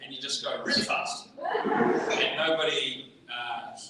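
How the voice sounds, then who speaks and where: A man's voice: medium pitch, slow, very noisy, lightly acted. Man playing his matter-of-fact kid brother. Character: laid-back younger brother, matter-of-fact. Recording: echoey church hall, distant mic.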